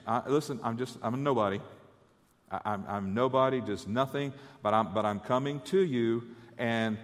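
Preacher guy, talks like a chat, trips over his words a lot, middle pitch, echoey church hall. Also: fairly quick. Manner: stammering repetitions, conversational. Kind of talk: sermon.

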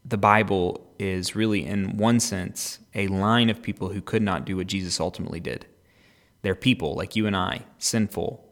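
Calm man reading scripture. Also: lowish voice. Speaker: podcast host reading scripture.

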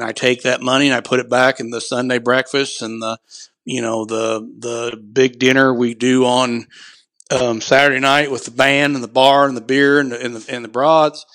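A man's voice: medium pitch, a bit bright, no room sound. Blunt, profane man on a podcast. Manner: blunt, profane, rambling with many "you know" fillers. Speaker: podcast guest, clay shoot organizer. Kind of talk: casual podcast conversation.

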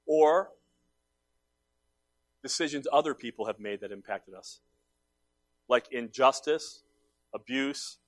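A male pastor preaching a sermon, swinging between loud emphatic calls and quiet low asides, acting out the voices he quotes. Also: no room sound.

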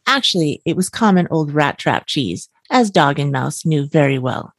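A woman with a somewhat low voice reads a bedtime story in a calm, even way. She sits close to the mic in a dry space with no room sound. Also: normal speed, no echo.

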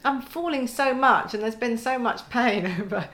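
A woman's voice: a little high, moderate pace, a bit bright. A woman in her forties chatting as a podcast guest, wry and self-mocking, often laughing as she talks. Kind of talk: casual chat.

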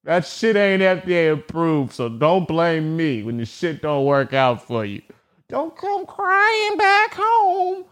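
A man's voice: fairly high pitch, huge pitch swings, slow pace, fairly bright tone, heavily acted. A man putting on a made-up accent for a stern, preachy figure who scolds about chasing dreams. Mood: mock-stern.

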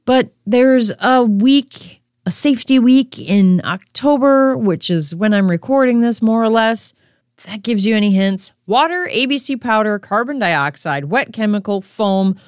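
A woman's voice: a little high, dry recording, studio quality. A woman hosting a casual quiz podcast, chatting straight to the listener. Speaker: podcast host.

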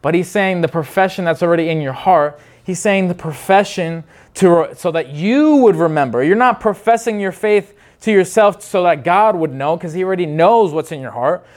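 A man's voice: high voice, normal speed, few pauses. A man preaching a sermon in an earnest, unscripted way, often restarting his phrases. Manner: earnest, many restarts, acts out quoted voices.

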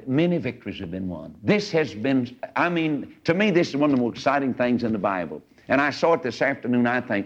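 A man preaching a sermon in a folksy storytelling way, acting out the voices of the people in his story. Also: mid-range voice. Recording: dull lo-fi recording.

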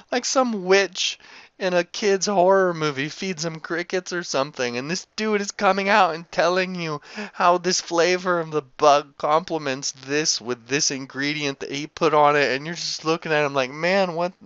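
A man telling a food travel story to camera in a casual, animated, profane way that is often broken by laughter. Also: a little high, clean tone, dry recording. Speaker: travel vlogger. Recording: slightly dull lo-fi sound.

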